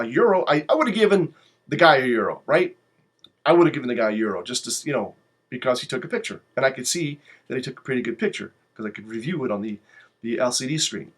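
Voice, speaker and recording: A man telling his own travel stories in a casual, rambling way, swearing freely and getting animated. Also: mid-range voice. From lives in Poland. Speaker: vlogger.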